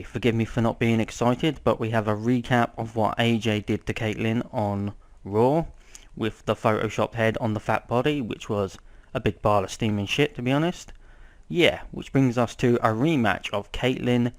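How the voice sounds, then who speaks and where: A young man with a mid-range voice gives a casual, rambling review of a wrestling show, swearing often and filling pauses with ums.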